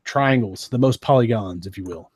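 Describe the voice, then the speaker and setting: A man's voice: lowish voice, moderate pace, dry recording. A man co-hosting a podcast, chatting casually and with enthusiasm about old game consoles. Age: adult who was a teenager in the late 1990s. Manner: animated, enthusiastic, says "man" and "dude". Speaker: podcast co-host. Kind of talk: casual chat.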